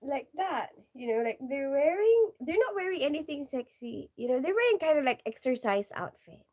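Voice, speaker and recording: A woman's voice: sits high, big pitch swings, normal speed, dull audio. A woman chatting casually on a live stream, giggly and rambling, filling her talk with "like" and "you know". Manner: giggly, keeps bursting into laughter.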